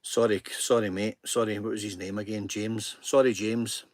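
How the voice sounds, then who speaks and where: A man's voice: lowish voice, little pitch movement, moderate pace, no room sound. A Scottish man hosting a casual live stream, talking earnestly and poking fun at himself. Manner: earnest and self-deprecating, chatty. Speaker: livestream host.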